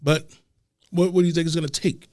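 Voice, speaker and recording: A man co-hosting a talk show, ranting with heavy profanity and swinging between loud and soft. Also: a little high, level tone, a little fast, no room sound, studio quality. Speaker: podcast co-host. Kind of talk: heated casual talk.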